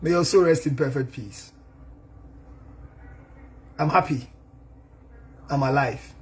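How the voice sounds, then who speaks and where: A man's voice: on the high side, slow pace. A man, a counselor, gives a thank-you and advice speech with emphatic delivery, mixing languages and laughing at his own jokes.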